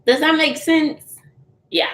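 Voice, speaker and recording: A woman's voice: high-pitched, fairly even intonation, slow pace, fairly bright tone. A woman, chatting candidly with viewers and laughing often. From Texas, USA. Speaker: YouTuber answering viewers. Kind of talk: casual live chat. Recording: roomy echo, faint noise.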